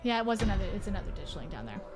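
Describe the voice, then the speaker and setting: Over music, a woman streams a horror game, her medium-pitched voice racing and swinging widely in pitch. Her let's-play commentary is casual and chatty, full of swearing and rambling asides.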